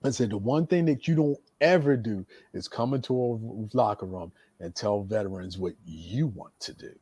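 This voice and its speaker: Veteran wrestler guy telling road stories, lively, acts out every quote, dry close mic. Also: lowish voice, moderate pace, no echo. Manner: animated storyteller, acts out quotes. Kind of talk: casual storytelling chat.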